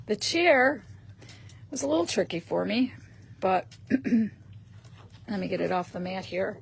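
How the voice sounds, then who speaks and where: A woman hosting a live stream, chatting casually as she shows paper craft pieces and often clears her throat. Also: medium pitch.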